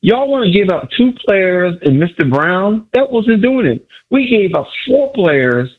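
A male caller phoning a sports radio show, excitedly boasting about his team and repeating himself. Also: high voice, measured pace, phone-quality sound.

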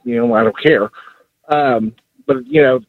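A man calling in to a sports radio show, rambling and halting with many fillers. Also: mid-range voice, dry recording. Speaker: caller. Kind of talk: phone-in chat. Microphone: telephone. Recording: dry tinny phone line.

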